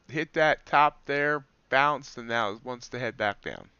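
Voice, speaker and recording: A man's voice: mid-range voice, expressive, slow pace, few pauses, sharp tone, clean tone, dry recording. Guy streaming his trading, talks thru charts, pokes fun at himself, kinda dull lo-fi sound. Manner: chatty, self-deprecating, explains trades while watching charts. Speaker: live-streaming futures trader. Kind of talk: casual live commentary.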